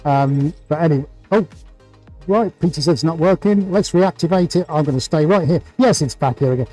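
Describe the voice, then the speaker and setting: A British man with a fairly high but warm, mellow voice hosts a live painting stream. He chats to his viewers in an upbeat, excitable way, piling on superlatives, with faint music underneath. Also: rough recording. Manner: upbeat, enthusiastic, full of superlatives. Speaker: artist hosting a painting livestream. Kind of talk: livestream commentary.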